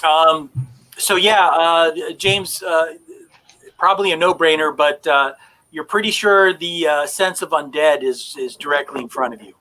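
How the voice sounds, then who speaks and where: Bright-voiced male game master. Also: on the high side, unhurried, rough recording. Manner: descriptive, with many fillers. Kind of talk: narrating a tabletop game.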